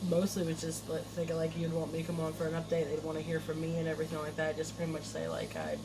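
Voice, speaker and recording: A woman's voice: deep voice, quick pace, noisy background. A young woman talking casually and hesitantly at home, with lots of fillers. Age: young adult. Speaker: guest, vlogger's daughter. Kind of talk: casual chat.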